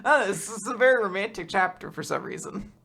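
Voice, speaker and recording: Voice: mid-range voice, animated, fast talker, creaky, sharp tone, husky. A podcast co-host in casual chat, rambling and laughing often.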